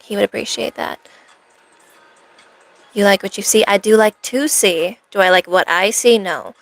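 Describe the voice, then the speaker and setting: Sarcastic cosplay streamer woman, gravelly fry. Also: mid-range voice, moderate pace. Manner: sarcastic, rambling banter with chat. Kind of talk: in-character cosplay stream chat.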